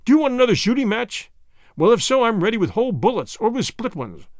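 A man's voice: extremely high pitch, very animated, fast, dry recording, clean studio sound, voice pushed up, full character voice. A man reading the part of a stern, upright Boer commandant who speaks with commanding indignation. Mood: furious.

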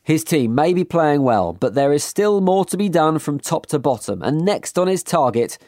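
A man hosting a comic football news round-up, dry and quick-witted. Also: on the high side, sing-song, darkish tone, dry recording. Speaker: host.

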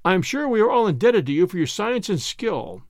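A man voicing an excited, talkative British gentleman who proposes toasts in a hearty, rambling way. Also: high-pitched, fairly quick, dry recording, studio quality.

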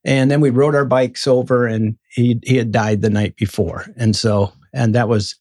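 A man in an interview telling his own story in a casual, animated way, acting out the voices of people he quotes. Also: moderate pace. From Michigan. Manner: animated, acts out quoted voices with sudden high bursts.

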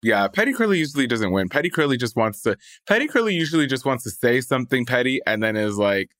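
A man's voice: lowish voice, lively intonation, fairly quick, a bit bright, no echo, studio quality. A man co-hosting a podcast in casual chat, playful, acting out little scenes with sound effects. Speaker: podcast co-host.

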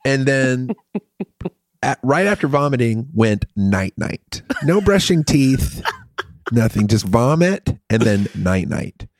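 A middle-aged man telling a story in casual chat, crude and profane with an animated, rambling delivery. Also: medium pitch, slow pace, no room sound, studio quality.

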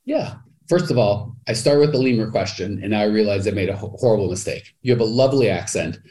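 Picture an enthusiastic man hosting a podcast interview as a business coach. His voice sits low but leaps up and down as he gets animated. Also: brisk. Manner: enthusiastic, swinging pitch.

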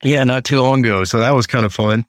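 Talking fast in a medium-pitched voice, a middle-aged man from Texas shares stories as an interview guest, earnest and animated throughout. The recording is dry.

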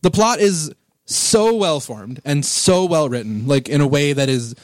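A man with a slightly higher voice chats eagerly about an action film, quick and animated. The sound is dry and close. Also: no echo. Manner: enthusiastic, quick-talking, slips into quoted impressions. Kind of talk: casual film discussion.

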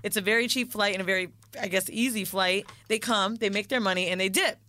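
Bright-voiced woman telling a wild story. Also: mid-range voice, fast, dry recording. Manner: animated storyteller, acts out quoted people; swears freely, slangy. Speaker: podcast co-host telling a story. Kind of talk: casual chat.

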